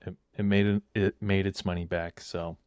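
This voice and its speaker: Laid-back young man, lowish dry voice. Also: flat delivery, a little mellow, no echo. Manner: laid-back, hesitant, halting phrasing. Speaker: podcast co-host. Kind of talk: casual chat.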